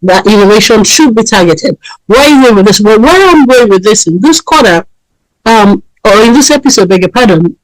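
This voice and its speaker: On her radio talk show, a woman delivers a solo monologue, hammering home repeated points with frequent fillers and tag questions like "right?". She speaks a little fast in an animated, medium-pitched voice, recorded with no room sound at low quality.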